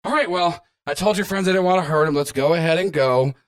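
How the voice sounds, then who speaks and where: A man's voice: on the high side, fast talker, lightly acted. A man voicing a menacing, mocking old grandmother villain with a taunting, dismissive manner.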